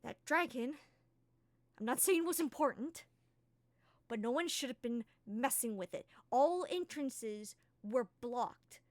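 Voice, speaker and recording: A woman's voice: on the high side, animated, fast, few pauses, no room sound, voice pushed up, close to an everyday voice. Woman playing a frantic councilwoman, raised voice, insistent, repeating herself. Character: anxious female councilwoman, frantic and stern.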